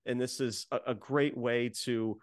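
A man's voice: medium pitch, fairly even intonation, unhurried, no room sound, studio quality. Rambling man recapping a wrestling show. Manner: rambling, many fillers, re-enacting quotes. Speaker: podcast co-host.

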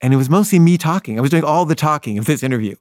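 A filmmaker recounting a personal anecdote in an earnest way, often stumbling into restarts mid-sentence. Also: male voice, fairly high pitch, lively intonation, rapid-fire, a little mellow, dry recording, clean studio sound. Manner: earnest, with frequent stammered restarts.

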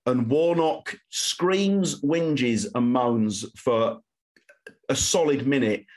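A man in casual podcast chat, an animated storyteller relishing funny anecdotes. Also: medium pitch, extremely slow.

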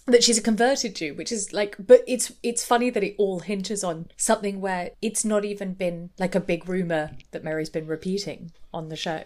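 A woman co-hosting a podcast in loose, casual chat. Her voice sits at a middling pitch. She rambles with plenty of fillers and slips into quick acted-out quotes. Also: steady tone, a little mellow. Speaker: podcast co-host.

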